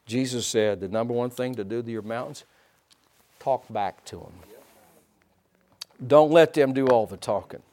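A man preaching a sermon as pastor, asking his listeners for responses and swinging from hushed to loud. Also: medium pitch, normal speed, pauses often. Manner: asks the congregation for responses.

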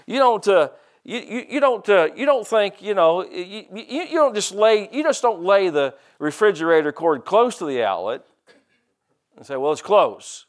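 This is an older male pastor with a high, sing-song voice at a moderate pace. He preaches in a homespun, conversational way, often repeating and restarting words and acting out the voices he quotes.

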